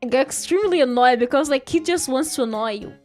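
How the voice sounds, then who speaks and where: A woman's voice: high voice, lively intonation, quick pace, darkish tone, faint music behind. A woman streamer chatting casually while drawing, rambling through stories with lots of giggles and acted-out quotes.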